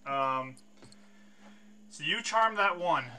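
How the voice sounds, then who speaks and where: Guy running a tabletop game, slightly high, super bright voice. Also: slow pace, clean tone. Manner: relaxed, hesitant fillers. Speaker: game master.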